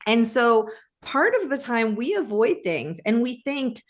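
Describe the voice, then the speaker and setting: A woman co-hosting a podcast in casual chat, animated and quick to restart her sentences. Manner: animated, restarts often, jumps up in pitch. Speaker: podcast co-host.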